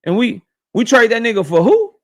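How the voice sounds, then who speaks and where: A man with a high voice holds forth on his livestream, and his talk is profane and animated. He addresses his chat directly in a loose, casual rant. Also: fairly quick. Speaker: boxing YouTube host.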